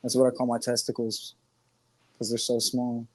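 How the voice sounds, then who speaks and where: There's a slight background noise behind this man's monotone, medium-pitched voice, which moves at a normal speed. As a podcast co-host, he rambles, curses and jokes his way through crude casual chat, laughing often.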